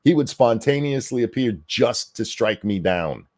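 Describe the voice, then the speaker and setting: A man's voice: medium pitch, animated, measured pace, darkish tone, dry recording. A man hosting a ranting reaction commentary, profane, sarcastic and berating. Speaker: commentary host.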